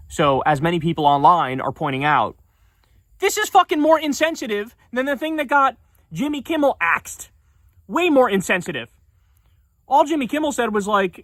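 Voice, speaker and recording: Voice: mid-range voice, a bit bright, dry recording, studio quality. A streamer ranting casually about politics on a livestream, swearing often and sounding indignant. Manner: profane, indignant, fast-talking.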